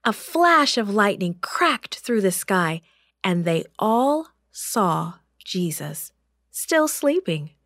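Slow, expressive woman storyteller. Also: medium pitch, dry recording, clean studio sound. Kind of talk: children's Bible story narration.

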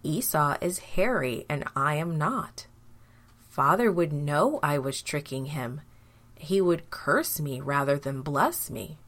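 A woman's voice: low-pitched, expressive, takes it slowly, a bit bright, full character voice. Woman voicing a nervous, deceitful younger son.

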